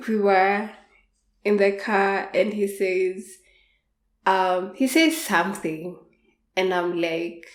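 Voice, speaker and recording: Unhurried woman podcaster in an echoey room. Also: medium pitch. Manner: frank, unhurried, with soft laughs. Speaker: podcast host. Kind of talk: candid storytelling monologue. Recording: roomy echo.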